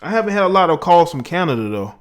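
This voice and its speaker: In a fairly high, sing-song voice, a man quickly works through his live call-in talk show, chatting in slang and chuckling while reading viewers' comments aloud.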